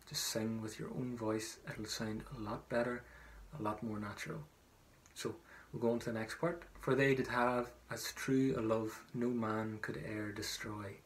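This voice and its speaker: A man's voice: medium pitch, a little hiss or hum. A man teaching traditional singing, giving encouraging, instructive directions between sung lines and counting the learners in. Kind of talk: sung lesson with spoken instructions.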